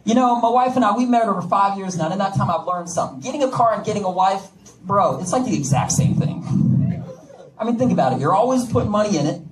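Talking fast in a high, animated voice, a man does brash stand-up on a comedy club stage and jokes with the crowd. Audience laughter rings out in the echoey club, recorded from a distant mic with crowd noise.

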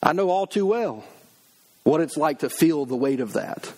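Man, middle-aged, pastor preaching a sermon, emphatic, fairly high voice. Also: animated, normal speed, darkish tone.

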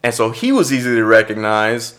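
A man's voice: medium pitch, fairly quick. A middle-aged man, an actor and podcast guest, casually telling a story and acting out the dialogue. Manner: lively storyteller who acts out quoted dialogue.

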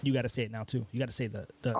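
A man's voice: mid-range voice, steady tone, racing, darkish tone, husky. Earnest man hosting a podcast. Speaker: podcast host. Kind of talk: casual podcast chat.

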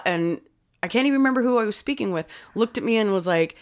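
A woman's voice: mid-range voice, fairly quick. A woman in her forties co-hosting a podcast at a studio mic, telling loose, profane stories in casual chat. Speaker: podcast co-host. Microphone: studio microphone.

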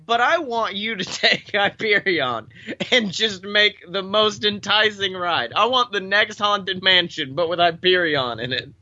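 A man co-hosting a casual comedic podcast chat, laughing often and riffing quickly on silly ideas. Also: sits high, bright, forceful tone, highs cut off. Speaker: podcast co-host.

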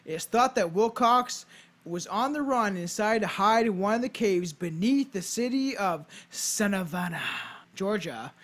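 A man's voice: sits high, lively intonation, unhurried, a bit bright. A man hosting a casual podcast from his home basement, reading history notes aloud and adding offhand, swearing asides. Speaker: podcast host.

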